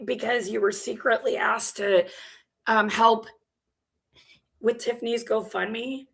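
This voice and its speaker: Sick woman losing her voice, gravelly and slow, swearing mad rant reacting to a clip. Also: fairly high pitch, steady tone, fairly bright tone. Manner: exasperated, swears often, sarcastic. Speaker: commentary channel host.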